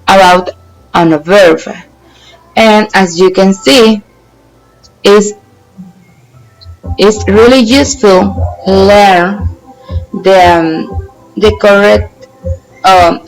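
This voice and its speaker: A young woman whose first language is Spanish, giving a student presentation on intonation, slow and careful with many pauses. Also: medium pitch, rough recording. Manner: slow, careful, pausing often.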